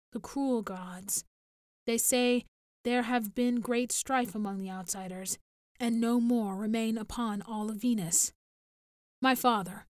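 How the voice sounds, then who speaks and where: A woman voicing a gentle, earnest young male alien villager who speaks hopefully. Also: a little high, no echo, studio quality, close to an everyday voice.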